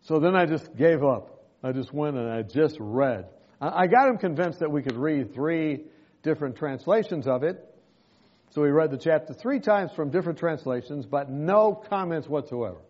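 A pastor telling a personal story in a sermon, who laughs often between lines. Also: male voice, a little high, expressive, normal speed, highs cut off.

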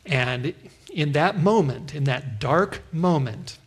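Slow earnest male preacher telling his story. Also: fairly high pitch, expressive, breathy edge. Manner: earnest storytelling with many restarts. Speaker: pastor. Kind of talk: sermon testimony.

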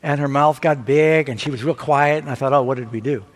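A man preaching a sermon, telling stories with rising excitement and asking the audience for amens. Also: mid-range voice, a little fast. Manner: animated storytelling preacher. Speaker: pastor. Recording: long hall reverb.

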